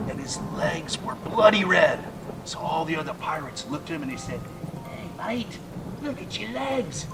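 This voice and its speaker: A middle-aged male storyteller with a fairly high voice spins a spooky tale. He has a dramatic campfire delivery, sinking to hushed tones and then booming out. Music plays clearly under his voice. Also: low-quality recording. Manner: dramatic, swings between hushed and loud.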